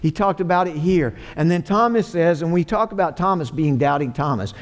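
High-voiced earnest man preaching a sermon. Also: a little fast. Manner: earnest, repeats phrases for emphasis. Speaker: pastor.

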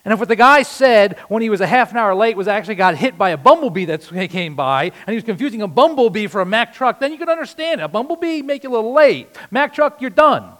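High-voiced man preaching with animated swings. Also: quick pace, few pauses. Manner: animated preaching, swinging from loud punchy lines to hushed earnest ones. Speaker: pastor. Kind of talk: sermon.

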